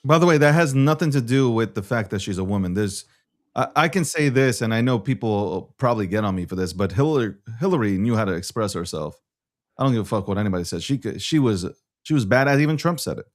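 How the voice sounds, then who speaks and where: A man's voice: fairly low pitch, expressive, fast. A man hosting a live stream, talking bluntly in casual chat, swearing freely and repeating himself for emphasis. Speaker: show host.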